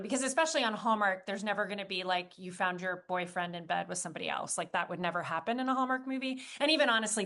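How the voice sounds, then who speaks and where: A woman's voice: medium pitch, a bit bright. Enthusiastic woman screenwriter guest. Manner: enthusiastic, gushing, quick asides. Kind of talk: casual interview chat.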